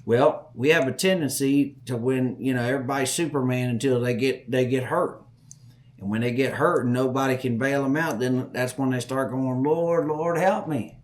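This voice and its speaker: A man's voice: medium pitch, steady tone, moderate pace. A middle-aged man hosting a podcast, telling a story in a folksy way and acting out the voices. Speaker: podcast host. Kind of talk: storytelling chat.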